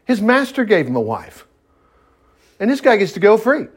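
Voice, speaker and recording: A man teaches from scripture in an informal, folksy manner, stopping often to joke and add his own asides. His voice sits a little high and moves around a great deal, rising and falling all the time. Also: husky. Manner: folksy, animated, quick to laugh and digress. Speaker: preacher.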